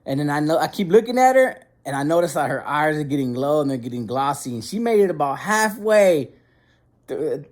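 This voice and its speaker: A man's voice: fairly high pitch, big pitch swings, a little fast. A young man telling a funny personal story in casual slang, repeating words and restarting sentences as he goes.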